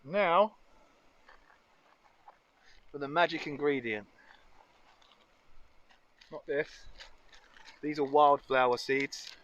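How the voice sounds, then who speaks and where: A foraging vlogger cooks outdoors in nature, chatting casually and cheerfully and musing aloud in an upbeat way. His voice is on the high side and a bit bright, and he speaks very slowly with long pauses. The audio is dull.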